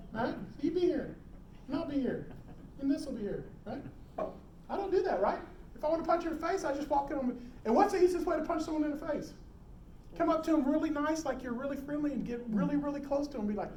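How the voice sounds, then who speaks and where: Animated male safety instructor, roomy hall. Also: extremely high pitch, fast. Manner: animated, quizzes audience, acts out scenes. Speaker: emergency preparedness instructor. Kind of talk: live classroom talk. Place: lecture room with audience. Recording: roomy hall, distant mic, faint noise.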